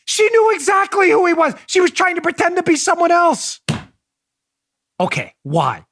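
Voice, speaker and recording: A man hosting a political talk show, delivering animated, mocking commentary with big swings in his voice. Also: extremely high pitch, moderate pace, a little hiss or hum. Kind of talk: opinionated commentary.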